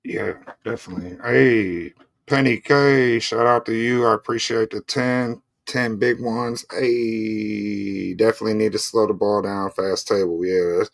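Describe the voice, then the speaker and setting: A man's voice: lowish voice, fairly even intonation, unhurried, vocal fry, dry recording, studio quality. A man co-hosting a casual show, talking in a laid-back way full of "bro" and "you know". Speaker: podcast co-host. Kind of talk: casual chat.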